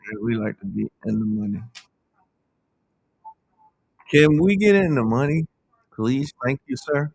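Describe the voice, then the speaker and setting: A man coaching day trading as he trades live, talking in a chatty, animated way and speaking to the market out loud. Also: mid-range voice, moderate pace, creaky, no echo.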